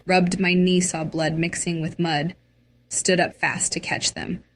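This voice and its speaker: A woman tells a dramatic, emotional first-person story slowly and deliberately. Her voice sits on the lower side. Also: little pitch movement. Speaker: narrator.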